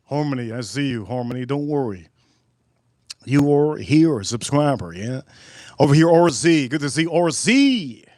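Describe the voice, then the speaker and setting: A man's voice: medium pitch, animated, normal speed, darkish tone, no echo, studio quality. A man casually hosting a live stream, joking loosely and talking to viewers in the chat.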